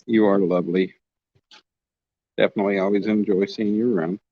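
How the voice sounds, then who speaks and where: A man's voice: lowish voice, steady tone, a little fast, no room sound, lo-fi sound. A man from Oklahoma chatting casually on a fishing livestream outdoors, reading comments and joking with viewers. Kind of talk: casual live-stream chat reading comments. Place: outdoors at a lake bank.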